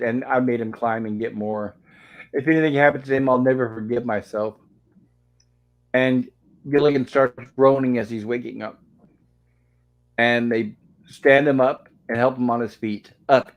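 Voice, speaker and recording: A man's voice: mid-range voice, steady tone, normal speed, muffled recording. A man hosting a live stream, chatting casually and reading dialogue aloud with little acting. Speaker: host of a live-streamed show. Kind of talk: casual episode recap, reading lines aloud.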